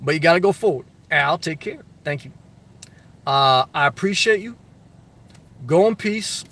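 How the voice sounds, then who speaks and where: A man's voice: on the high side, animated, a little slow, fairly bright tone. A middle-aged man hosting a live stream, reading viewer comments aloud and giving blunt, loose advice in casual chat full of fillers and restarts.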